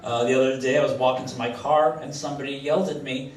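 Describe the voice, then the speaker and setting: A man's voice: mid-range voice, fairly even intonation, fast talker. A man from Massachusetts doing a stand-up comedy set on a club stage, wry and self-deprecating, on a handheld mic. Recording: roomy club, distant mic, noisy.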